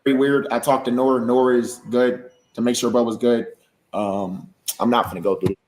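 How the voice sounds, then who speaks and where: A man's voice: medium pitch, steady tone, a little fast, darkish tone. Subdued man on a casual livestream.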